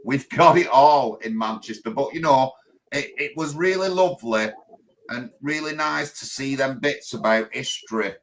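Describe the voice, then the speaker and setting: A man's voice: mid-range voice, normal speed, a little hiss or hum, poor audio. A man, hosting a casual panel chat and jumping in eagerly with ideas. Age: 50s. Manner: enthusiastic, repetitive, interrupts. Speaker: party leader and host.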